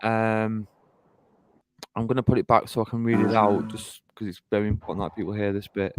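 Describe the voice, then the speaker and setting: A man's voice: fairly low pitch, level tone, brisk, darkish tone, slight background noise. A man hosting a music review show, chatting casually in an easygoing way and reading out a notice.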